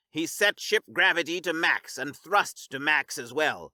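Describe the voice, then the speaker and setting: Guy reading a space story out, steady, bright tone, kinda high, dry sound. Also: a little slow, few pauses, dry recording. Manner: steady, even storytelling read. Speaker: narrator. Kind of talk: scripted story narration.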